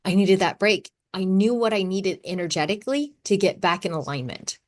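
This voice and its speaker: A woman in her thirties hosting a casual solo podcast, talking in a chatty, animated way and laughing often. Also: mid-range voice, moderate pace. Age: 30s. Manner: chatty, animated, acts out her own quotes. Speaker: podcast host.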